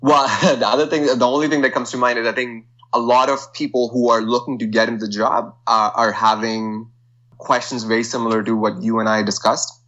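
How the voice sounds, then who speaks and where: A man who works as a management consultant, a podcast guest who talks in a measured way with many fillers. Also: mid-range voice, steady tone, fairly bright tone, lo-fi sound. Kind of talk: casual interview.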